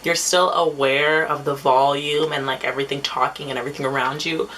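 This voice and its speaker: A young woman vlogger telling a story casually, chatty and animated. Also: fairly quick, slight background noise, poor audio. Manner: chatty, animated, acts out quotes in a high voice. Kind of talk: casual storytime while doing makeup.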